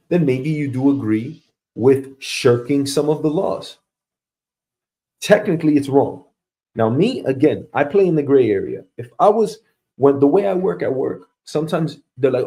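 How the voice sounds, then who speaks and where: A man's voice: medium pitch, expressive, normal speed, mellow. A man hosting a casual show, ranting profanely in a mocking way and acting out quoted coworkers. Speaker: host.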